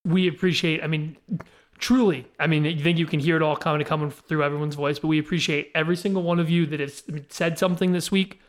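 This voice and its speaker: A man's voice: fairly high pitch, steady tone, fast. A man co-hosting a podcast, earnestly thanking listeners in long run-on sentences. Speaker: podcast co-host.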